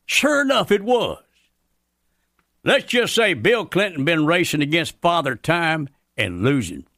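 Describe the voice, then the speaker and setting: Brief: a man voicing a grumpy redneck radio commentator, drawl, bright and forceful, rather high-pitched. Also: sing-song, measured pace, no room sound, clean studio sound, full character voice. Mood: ranting. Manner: folksy, ranting, ungrammatical drawl. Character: loudmouthed folksy redneck male commentator, middle-aged, grumpy. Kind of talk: scripted radio comedy rant.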